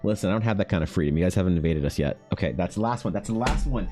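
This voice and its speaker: A young Canadian man streams while he draws, chatting casually with his viewers, rambling, swearing and laughing. His voice is deep and animated, he talks very fast with few pauses, and music plays in the background.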